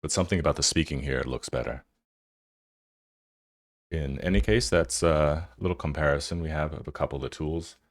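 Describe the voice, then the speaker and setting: A man's voice: rumbling low, fairly quick, pauses often, dry recording, clean studio sound. A man hosting a tech channel, giving loose, casual commentary over his screen and thinking aloud with fillers.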